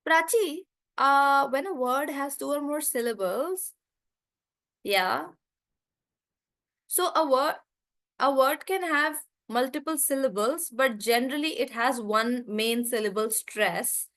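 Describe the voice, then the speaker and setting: A woman with a somewhat high voice teaches an online class. She explains patiently and says the key words slowly so the stress is clear. She speaks straight to her students as she goes through each example. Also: a bit bright. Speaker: English teacher.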